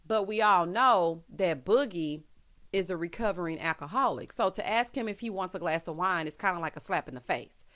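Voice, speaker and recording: A woman's voice: medium pitch, moderate pace. Sassy woman recapping reality TV. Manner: sassy, animated, with frequent exclamations. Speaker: TV recap vlogger. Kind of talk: casual reality TV recap commentary.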